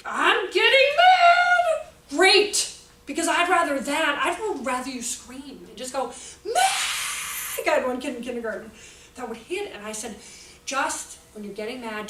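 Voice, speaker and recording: A middle-aged woman giving an animated, chatty workshop talk to educators. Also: high-pitched. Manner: animated, chatty, acts out kids' outbursts. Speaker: teacher trainer. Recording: echoey room, voice from a distance.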